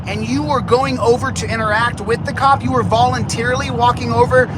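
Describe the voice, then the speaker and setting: A man's voice: very high-pitched, fairly even intonation, fairly quick. A man streaming while driving, interviewing a guest with probing, interrupting questions. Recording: loud road noise.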